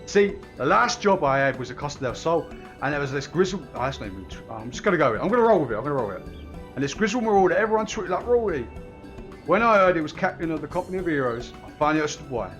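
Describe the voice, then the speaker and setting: A man's voice: fairly high pitch, big pitch swings, very fast, a bit bright, faint music behind. A man reading game lines aloud, voicing a panicky male sellsword who begs for mercy in a put-on Scottish accent. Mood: wheedling. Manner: whining, begging, rambling.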